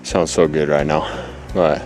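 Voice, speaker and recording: A bass-voiced man with little pitch movement talks a little slowly in a slightly mellow way over soft background music. He's hunting in a forest clear cut, out of breath and anxious, rambling through a casual vlog to a handheld camera held close, full of fillers.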